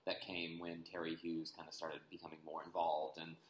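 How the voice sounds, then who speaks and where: A man's voice: low voice, completely flat delivery, moderate pace. A man on a podcast, casually explaining things at length in a knowledgeable way, with many fillers. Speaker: podcast co-host. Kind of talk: casual chat. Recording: echoey room with faint noise.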